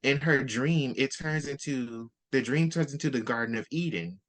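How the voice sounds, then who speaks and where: A man's voice: mid-range voice, normal speed. A man in casual chat, animatedly retelling a book's plot and acting out the characters' lines. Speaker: book-swap co-host. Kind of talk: casual book discussion.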